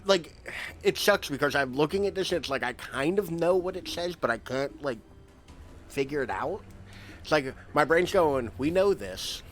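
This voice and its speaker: A man's voice: on the high side, a bit bright. A young man from the United States giving rambling, self-mocking commentary while he streams a game. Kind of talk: casual gameplay commentary.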